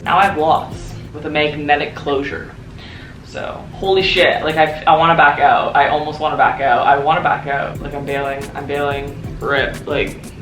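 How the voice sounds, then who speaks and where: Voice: mid-range voice, fairly bright tone. A young adult vlogger talking casually to camera, nervous and rambling, with lots of swearing. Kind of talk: casual vlog monologue. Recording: roomy echo, faint music.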